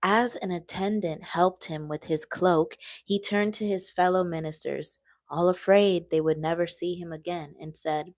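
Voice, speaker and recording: Slow-reading woman on a live stream. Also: lowish voice, fairly even intonation, no echo. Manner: slow reading, breaks off to chat with viewers. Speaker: live-stream book reader.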